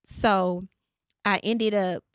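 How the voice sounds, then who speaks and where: A woman podcast host, telling a story in casual chat and quoting others in a lowered voice. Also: steady tone, very slow, clean tone, no room sound, studio quality.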